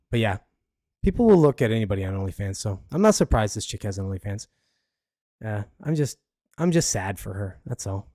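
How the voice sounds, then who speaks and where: A man's voice: medium pitch, darkish tone, no echo. Man, solo podcast host, loose blunt rambling, dry close sound. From Canada. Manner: rambling, blunt, many fillers. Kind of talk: casual solo commentary.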